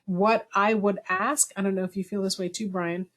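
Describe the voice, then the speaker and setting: A woman's voice: medium pitch, moderate pace. Chatty woman hosting a webinar. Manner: chatty, self-deprecating, lively asides. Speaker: webinar host. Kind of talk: conversational webinar talk.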